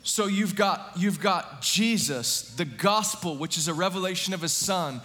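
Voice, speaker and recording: A man preaching a sermon, fervent and calling out to his congregation, at times rising to shouting. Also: high-pitched, unhurried. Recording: long hall reverb.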